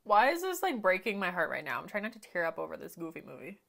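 Female reaction host, casual and talkative, expressive pitch, slips into quiet murmured asides. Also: quick pace, vocal fry. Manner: chatty, thinks aloud, drops to quiet murmurs. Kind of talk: casual movie reaction commentary.

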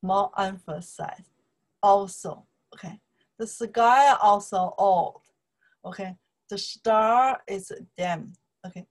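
Slow Chinese-accented woman teaching. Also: mid-range voice. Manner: broken English mixed with Chinese phrases, slow and repetitive. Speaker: language teacher. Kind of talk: explaining song lyrics in a lesson.

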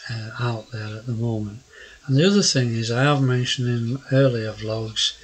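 Slow husky old South Yorkshire man. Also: medium pitch, poor audio. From South Yorkshire, England. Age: older. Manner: hesitant, many fillers and restarts; gruff-sounding. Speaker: naturalist vlogger. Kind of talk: casual rambling narration over photos.

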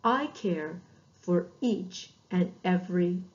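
A woman voicing a gentle male teacher. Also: lowish voice, animated, takes it slowly, voice pushed down. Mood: caring. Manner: soft, caring and earnest. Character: gentle male teacher speaking to his followers. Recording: dull lo-fi recording.

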